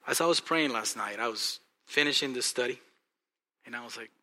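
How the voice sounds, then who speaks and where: A male pastor with a Texan accent preaching a sermon, swinging from hushed, earnest passages to loud, excited bursts. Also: mid-range voice, brisk, background noise.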